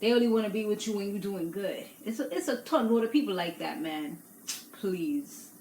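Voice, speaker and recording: A young woman talks through a reality TV episode in a loose, opinionated way and laughs easily. Her voice sits at a middle pitch. It bounces around a roomy, echoey space with a faint hiss behind it. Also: expressive, moderate pace, darkish tone. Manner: chatty, opinionated, laughs often. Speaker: YouTube recap host. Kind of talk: casual reality TV recap. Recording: echoey room with faint noise.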